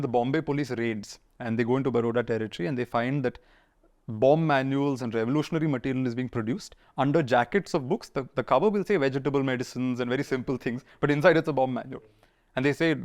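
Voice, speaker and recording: A man, telling history stories in an interview and acting out the people he quotes. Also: medium pitch. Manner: fast, animated storyteller acting out quoted figures. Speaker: historian guest. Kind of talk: conversational storytelling interview.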